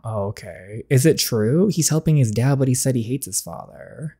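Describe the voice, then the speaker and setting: Woman reading a story game aloud, mellow. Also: expressive, moderate pace, husky. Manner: reads all characters in her own voice, jumping up high and loud when reacting.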